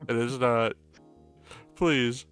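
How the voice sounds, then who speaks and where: A man's voice: medium pitch, fairly even intonation, drawn-out words, a bit bright, smooth, faint music behind. A man hosting a casual joking podcast, stammering and flustered as he talks. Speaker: podcast host.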